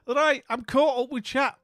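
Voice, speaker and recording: A man's voice: extremely high pitch, fairly bright tone, no echo. A middle-aged man with a Scottish accent hosting a livestream, chatting casually, telling a story and reading chat aloud. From Scotland. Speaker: livestream host.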